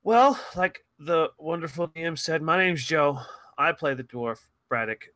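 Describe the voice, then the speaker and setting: A man introduces his tabletop character with a bright, lively tone. He is playful and halting, restarts his sentences and trails off. The recording is dry and close. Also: a little high, dry recording. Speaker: player. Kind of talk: casual introduction at a gaming table.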